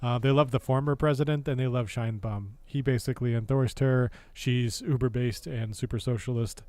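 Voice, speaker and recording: An American man streaming casual political commentary, sarcastic and laughing often, with halting speech full of fillers and restarts. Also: mid-range voice, fairly even intonation, darkish tone, no echo. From United States.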